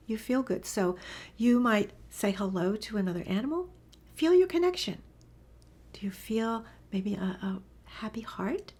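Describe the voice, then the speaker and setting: Expressive and a little slow, a woman with a mid-range, somewhat dark voice teaches animal communication in a casual talk. She tells stories enthusiastically, often letting her voice drop to a breathy whisper.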